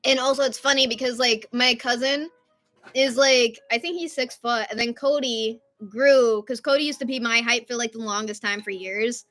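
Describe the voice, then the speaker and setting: A young woman in her twenties hosts a casual live stream, chatting and rambling through stories and getting loud at times. Her voice is fairly high and very bright. Soft music plays quietly behind her. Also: moderate pace.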